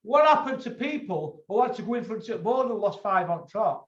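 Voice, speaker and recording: A man's voice: high-pitched, very animated, brisk. A man hosting a boxing chat show, blunt and lecturing, swearing freely. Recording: echoey, dull lo-fi room sound.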